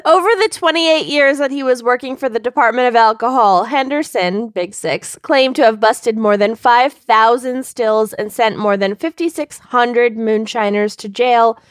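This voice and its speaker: A woman's voice: fairly high pitch, moderate pace, few pauses, smooth, dry recording, studio quality. A woman co-hosting a podcast, telling a true-crime story in a wry, casual way with frequent laughs. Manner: wry, laughs often, playful asides.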